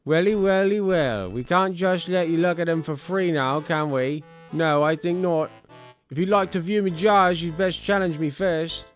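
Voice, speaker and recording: A man doing a cocky ghost jar collector, high and brash. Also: normal speed, soft background music, natural voice. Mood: taunting. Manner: cockney-style put-on brogue, taunting.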